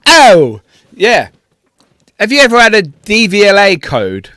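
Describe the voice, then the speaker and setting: A man co-hosting a podcast, telling a travel story in a sweary, laughing, animated way. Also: high-pitched, unhurried, no room sound, studio quality. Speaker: podcast co-host. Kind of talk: casual storytelling chat.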